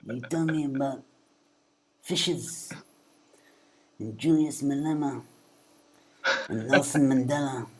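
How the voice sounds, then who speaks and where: A man doing an impression of an aging mafia boss, slow and mumbling. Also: medium pitch, a little mellow, slightly rough. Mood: menacing. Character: raspy mob boss father, slow and menacing.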